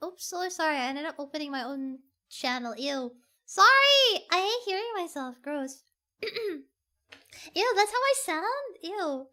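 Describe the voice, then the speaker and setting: A woman streaming a game, reacting in an excitable, gushing way and teasing herself. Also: sits high, measured pace. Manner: excitable, gushing, self-deprecating. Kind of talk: live game stream commentary.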